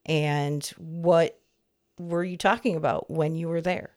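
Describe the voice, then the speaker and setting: A woman's voice: sits low, steady tone, takes it slowly, a little mellow. A woman in her fifties co-hosting a podcast, chatting in a rambling, easygoing way and laughing often. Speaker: podcast co-host. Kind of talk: casual chat.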